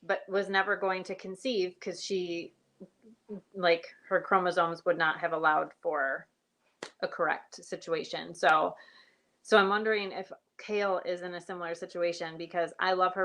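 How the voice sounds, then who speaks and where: A middle-aged woman chats live about her flock, rambling from one story to the next and stopping to greet viewers by name. Her voice sits a little low yet comes across bright and forceful. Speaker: sheep and goat farmer hosting a livestream. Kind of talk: casual live-stream chat.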